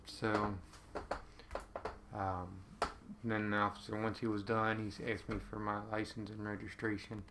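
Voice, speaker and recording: A man's voice: lowish voice, completely flat delivery, unhurried, creaky, pauses often, background noise. A man casually telling a personal story to camera, rambling with lots of ums and uhs.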